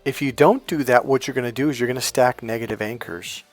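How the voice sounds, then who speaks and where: A man talking as a life coach, telling a story casually and acting out the dialogue with lively changes in voice. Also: mid-range voice, quick pace, soft background music. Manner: animated, acts out quoted dialogue.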